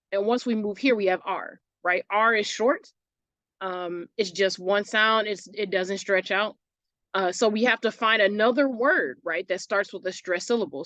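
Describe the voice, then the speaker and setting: A woman teaching an online English lesson in a casual, chatty way, often checking in with "right?" and sounding out words slowly to show where the stress falls. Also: medium pitch, a bit bright, no room sound. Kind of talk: recorded lesson walkthrough.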